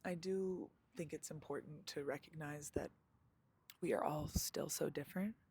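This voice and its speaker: A woman's voice: low-pitched, fairly even intonation, normal speed, darkish tone, breathy edge. A young woman vlogging live outdoors in a chatty, slangy, self-mocking way, laughing often. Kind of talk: casual live vlog chat.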